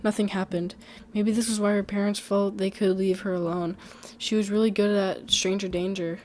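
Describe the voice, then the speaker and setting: A woman's voice: mid-range voice, level tone, normal speed, a little mellow, a little hiss or hum. A woman reading a first-person horror story aloud in a conversational way, with small slips and restarts.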